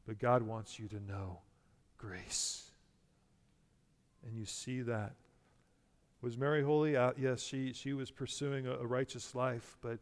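A man's voice: mid-range voice, long reverb tail. A man preaching a sermon to a congregation, emphatic and full of rhetorical questions. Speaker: pastor.

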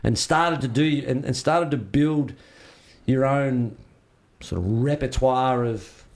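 Gravelly Australian man telling shaping stories. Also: medium pitch, slow. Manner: rambling, animated, acts out quoted reactions. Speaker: surfboard shaper. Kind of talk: casual interview storytelling.

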